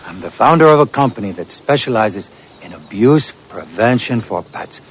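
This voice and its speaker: An actor playing an odd, earnest man who founded a pet business, speaking in a put-on Indian accent in measured film dialogue. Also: fairly low pitch, animated, husky.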